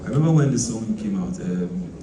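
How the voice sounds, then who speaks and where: A Ghanaian bass player explaining music in a casual, animated teaching talk, full of rhetorical questions. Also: male voice, fairly quick. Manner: animated, mixing quoted voices and rhetorical questions. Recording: echoey room, mic from far off, noisy.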